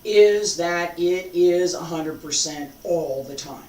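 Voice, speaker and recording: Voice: mid-range voice, slow, darkish tone, roomy sound, distant mic, poor audio. A martial arts instructor giving an unscripted teaching talk, emphatic and determined, repeating phrases for force.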